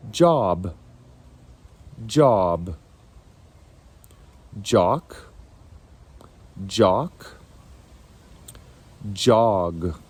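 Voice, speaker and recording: A man with a fairly low, husky voice gives a pronunciation lesson. He says each word twice, very slowly and deliberately, and his pitch moves a lot from word to word. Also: darkish tone. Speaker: pronunciation teacher. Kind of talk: slow, deliberate word drills.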